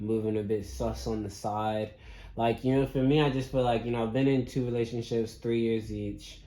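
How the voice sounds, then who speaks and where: A man with a British accent chats as a podcast guest, relaxed and easygoing, often saying "you know." His voice sits at a middle pitch. It carries the echo of a roomy space. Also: moderate pace. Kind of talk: casual podcast chat.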